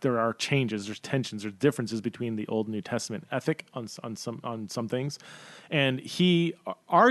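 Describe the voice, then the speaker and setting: A man's voice: medium pitch, no room sound. A man hosting a Q&A podcast, thinking aloud with lots of fillers and restarts and stumbling over words. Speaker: podcast host. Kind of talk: casual Q&A podcast talk.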